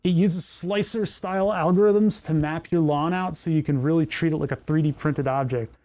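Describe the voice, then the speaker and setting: A man's voice: a little high, moderate pace, warm tone. A man hosting a casual livestream, rambling and self-mocking as he thinks aloud while tinkering with electronics. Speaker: livestream host.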